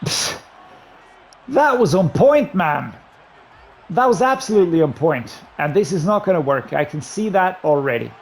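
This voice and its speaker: Excitable gravelly man calling his own gameplay. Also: a little high, normal speed. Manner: excitable, talks to himself about play calls. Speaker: gaming YouTuber. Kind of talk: live gameplay commentary.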